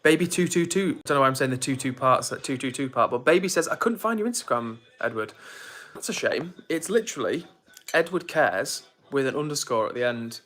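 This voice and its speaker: Chatty man with a bright voice. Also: mid-range voice, a little fast. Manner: chatty, reads viewer comments aloud. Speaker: live streamer. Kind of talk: casual live-stream chat.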